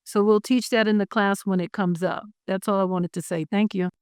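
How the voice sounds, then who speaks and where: A woman co-instructor adds a short note to the class and explains it calmly. Her voice is smooth and clear at a middle pitch, and the recording is dry. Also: moderate pace, no room sound. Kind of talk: brief class remark.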